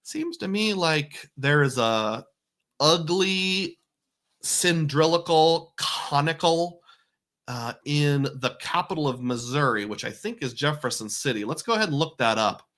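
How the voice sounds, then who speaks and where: Male livestream host, bright forceful tone, casual chat reading comments and thanking donors. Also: medium pitch, very animated, moderate pace, hardly any pauses. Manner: reads viewer comments and thanks donors, chuckling often. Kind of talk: casual live-stream chat.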